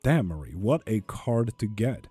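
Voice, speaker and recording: Casual low-voiced man streaming. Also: very animated, a little slow, mellow, slightly rough, dry recording, faint music behind. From Sweden. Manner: swears freely, reads chat aloud. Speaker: tarot reader streamer. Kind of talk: casual live-stream chat.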